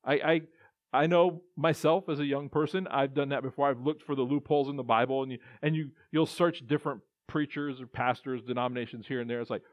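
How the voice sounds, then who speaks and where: A man's voice: medium pitch, fairly even intonation, brisk, dry recording. A male pastor preaching a conversational sermon, with restarts and acted-out quotes. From Texas. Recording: dull, muffled dry sound.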